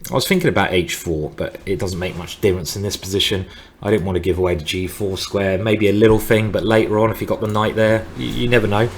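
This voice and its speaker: A middle-aged man commenting live on his own speed chess games, rambling and thinking aloud, often breaking off mid-sentence to react to his opponent's moves. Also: low-pitched.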